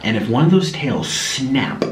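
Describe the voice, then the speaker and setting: A man chatting casually to camera as a vlogger, rambling in an animated, talkative way. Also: medium pitch, unhurried, reverberant, slight background noise.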